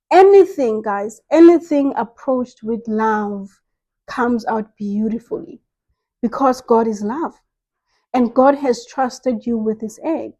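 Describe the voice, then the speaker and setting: High warm-voiced woman giving earnest encouragement. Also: rough recording. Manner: earnest, repeats phrases, asks "right?" often. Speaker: faith vlogger. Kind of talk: devotional encouragement message.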